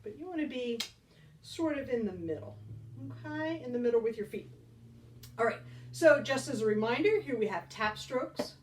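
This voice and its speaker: Upbeat woman band teacher, fairly high voice, a little off-mic, encouraging beginners. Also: lively intonation, moderate pace, a little mellow, recorded from a distance, a little hiss or hum. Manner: upbeat, encouraging, counts beats aloud. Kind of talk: beginner percussion lesson.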